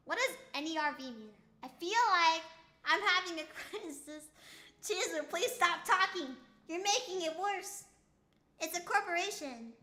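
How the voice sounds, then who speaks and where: Bright, high-voiced goofy young woman streamer. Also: moderate pace. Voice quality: slight lisp on S sounds. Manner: goofy, rambling, playful tongue-twister attempts. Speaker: VTuber streamer. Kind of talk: casual live-stream chat reading chat.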